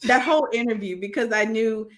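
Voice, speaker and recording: A woman co-hosting a casual chat podcast, joking and firing off quick bursts of commentary. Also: on the high side. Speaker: podcast co-host.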